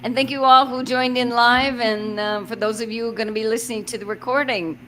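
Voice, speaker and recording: A woman's voice: fairly high pitch, steady tone, fairly quick, a bit bright, a little hiss or hum. A woman from Arizona hosting a livestream interview, friendly and a little hesitant, with many small fillers. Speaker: host.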